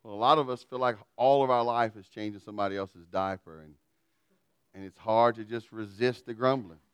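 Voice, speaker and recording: A man's voice: fairly low pitch, fairly quick, smooth, dry recording. A man preaching a sermon in a folksy, humorous storytelling way. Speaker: pastor.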